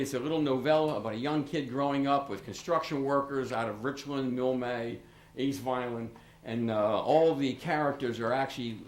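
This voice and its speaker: An older man, a local author, speaking informally at a township meeting in a rambling, chatty way with many restarts and asides. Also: medium pitch. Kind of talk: informal public remarks at a meeting. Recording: echoey meeting room.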